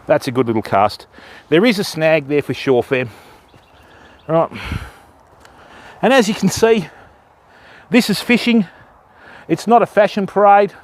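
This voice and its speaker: High-voiced Australian man fishing live. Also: a little slow, pauses often. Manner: chatty, explains rigs to viewers step by step. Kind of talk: casual live-stream chat while fishing. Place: outdoors on a river bank at dusk.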